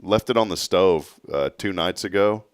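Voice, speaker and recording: A man's voice: low voice, moderate pace, no echo, clean studio sound. A man hosting a morning show, telling a rambling story and laughing along. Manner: storytelling, laughs at his own jokes, mimics voices. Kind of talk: casual chat.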